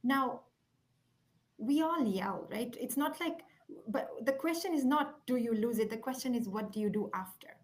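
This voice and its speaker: Earnest woman guest, a bit higher pitched, reflective storyteller who goes soft and near-whispered on key points. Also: lively intonation, normal speed. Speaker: guest speaker. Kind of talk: heartfelt conversational storytelling.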